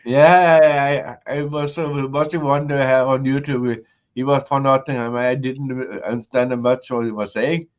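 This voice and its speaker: A man chatting as a guest, talking in a hesitant, halting way. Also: medium pitch, fairly even intonation, lo-fi sound.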